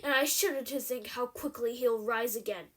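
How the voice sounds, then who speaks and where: A woman reading aloud, voicing a middle-aged male minister who tells a grim story in a solemn, halting way. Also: on the high side, a bit bright, voice pushed down. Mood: grave.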